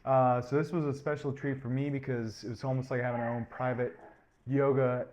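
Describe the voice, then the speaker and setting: A man's voice: medium pitch, level tone, fairly quick, crowd noise. A man hosting a podcast and chatting casually through an intro, rambling a bit with frequent fillers. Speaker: podcast host. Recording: slightly muffled with faint hiss.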